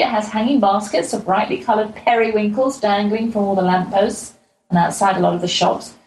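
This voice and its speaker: A woman's voice: mid-range voice, a little mellow. A middle-aged woman, originally from England, telling a chatty, lightly humorous travel diary as a show host. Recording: roomy echo with faint ambient noise.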